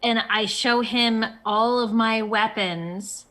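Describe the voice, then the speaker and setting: Female tabletop player, unhurried and measured, crisp bright voice. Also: a little high, steady tone. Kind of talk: tabletop role-play.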